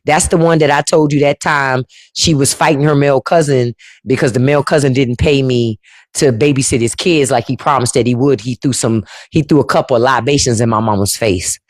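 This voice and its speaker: A woman's voice: very deep voice, moderate pace, darkish tone, dry recording. A woman hosting a casual livestream, telling stories in a blunt, profane way into a close mic. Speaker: host.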